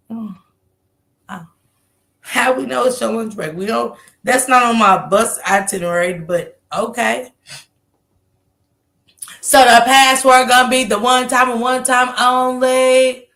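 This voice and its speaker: Woman caller, slow drawl, bright higher voice, animated storyteller. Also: vocal fry. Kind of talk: casual storytelling on a call.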